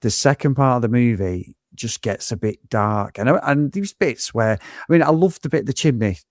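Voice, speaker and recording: A man's voice: mid-range voice, lively intonation, normal speed, dry recording, studio quality. A man, chatting bluntly about a film as podcast co-host, with tag questions and swearing. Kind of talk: casual film review chat.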